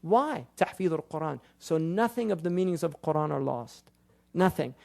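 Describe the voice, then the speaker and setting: A man's voice: a little high, lively intonation, gravelly, darkish tone. A male scholar giving a religious lecture, firing rhetorical questions at the audience and weaving Arabic terms into his talk. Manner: questions the audience rapidly, quotes classical sources.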